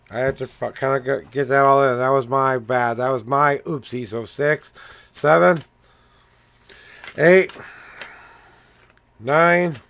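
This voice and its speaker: Middle-aged male tarot streamer, very gravelly, slightly high, chatty and rambling, voice swings up and down. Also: a bit bright. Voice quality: voice swings up and down in pitch. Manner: chatty, rambling, addresses viewers directly. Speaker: tarot reader. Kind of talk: casual livestream tarot reading.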